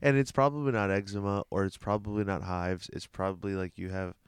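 A man's voice: low-pitched, fairly even intonation, fairly quick, clear, resonant tone, dry recording, studio quality. A man in casual chat, teasing his co-host and prodding him with short questions.

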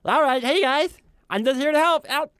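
A man voicing a sweet, cheerful female kobold cleric who talks in a gentle, upbeat, soothing way. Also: very high-pitched, normal speed, no room sound, studio quality, pitched above the performer's own voice. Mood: chipper.

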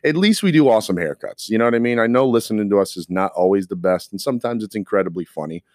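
A barber co-hosting a casual podcast from his shop, joking and swearing freely as he talks. His voice is low-pitched. The sound is dry and close. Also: expressive, quick pace, a little mellow, no room sound. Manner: joking, profane, laughs easily.

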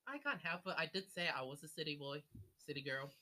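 A woman chatting casually as a podcast guest, self-deprecating and quick to laugh. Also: sits low, big pitch swings, sharp tone. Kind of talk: casual chat.

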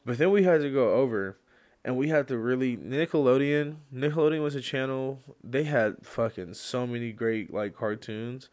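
A young podcast host talks on his own at an ordinary middle pitch, rambling through a story full of slang and fillers. When a topic gets to him he turns loud and worked up, ranting with energy. The whole thing has a casual, off-the-cuff feel. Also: normal speed. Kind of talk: casual solo podcast chat.

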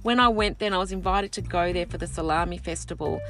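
A woman chatting as a guest, a passionate and animated storyteller. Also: fairly low pitch, quick pace, soft background music. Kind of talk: casual chat.

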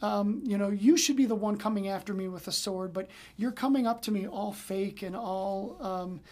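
A woman hosting a daily Bible study, reading scripture and then commenting in a chatty, animated way full of "um" and "like". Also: medium pitch, normal speed.

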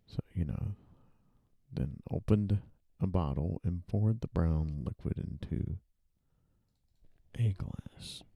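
A man, an author, thinks aloud while drafting and typing in a dark room, muttering, rereading and correcting himself. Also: low voice, slow pace, gravelly, dry recording, highs cut off.

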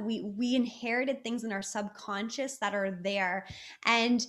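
A woman's voice: fairly high pitch, a bit bright. Chatty upbeat woman podcast host. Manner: upbeat, chatty, many fillers and restarts. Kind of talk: casual motivational talk.

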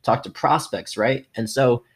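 A young man hosts his own motivational podcast, with a slightly husky voice of ordinary pitch. He talks with plenty of energy and keeps changing his tone and loudness as he speaks. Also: measured pace. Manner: energetic, varies tone and loudness often. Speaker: podcast host.

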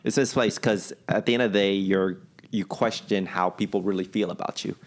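A deep-voiced man co-hosts a podcast, speaking a little fast in a steady tone. It's casual chat, full of loose, opinionated takes and some profanity.

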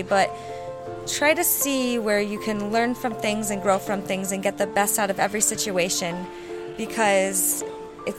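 A woman in her late twenties being interviewed backstage, thoughtful and candid, slowing down to weigh her words. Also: medium pitch. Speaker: interview guest. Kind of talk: reflective interview. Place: backstage after the show.

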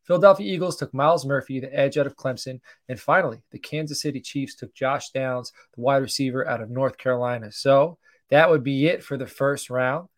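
Casting note: middle-aged man, livestream host, chatty and conversational, mid-pitched voice. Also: brisk. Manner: chatty, greets live viewers by name. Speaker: podcast host doing a mock draft. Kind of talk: casual livestream commentary.

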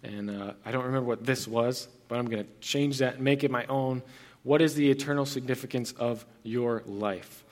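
A man's voice: mid-range voice, moderate pace. A young man preaching a sermon as pastor, earnest and conversational, with frequent restarts and fillers.

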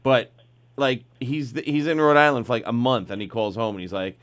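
A man's voice: mid-range voice, brisk, a bit bright. A man co-hosting a comedy radio show, teasing bluntly and swearing freely. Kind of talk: casual studio banter.

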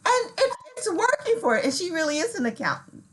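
A woman's voice: extremely high pitch, very animated, a little fast, a loud crowd, low-quality recording. A middle-aged woman in casual chat, telling stories and acting out what people said. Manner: chatty storyteller acting out quoted dialogue. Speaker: co-host.

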